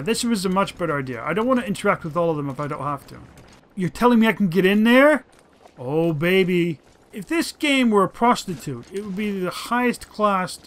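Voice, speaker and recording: Brief: high-pitched male let's-player, excitable, swears a lot, chatty play-by-play. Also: slight background noise. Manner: excitable, profane, talks to his dog companion. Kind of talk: casual gameplay commentary.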